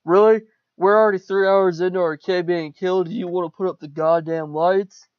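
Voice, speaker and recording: A man voicing an angry, abusive middle-aged male store owner who yells and threatens. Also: high-pitched, fairly even intonation, fairly quick, smooth, no room sound, voice pushed up, lightly acted. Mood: yelling, angry. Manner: yelling, belligerent. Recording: muffled lo-fi recording.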